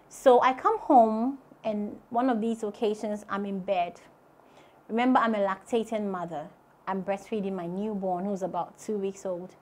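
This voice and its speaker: A woman with a Ghanaian accent hosting and telling her own story in an earnest, conversational way, her voice dropping soft and low at the sad parts. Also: normal speed. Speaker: host. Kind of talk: personal storytelling to camera.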